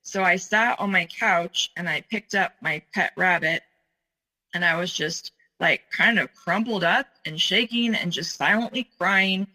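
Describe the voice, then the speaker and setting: A middle-aged woman telling her own story in a halting way, with many fillers and pauses. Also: on the low side, bright, forceful tone, low-quality recording. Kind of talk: personal storytelling.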